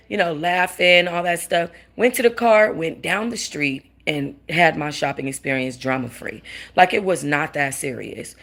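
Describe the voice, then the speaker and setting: A woman, casually telling a story in an animated rant, quoting the people involved and swearing. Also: fairly low pitch, moderate pace. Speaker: vlogger.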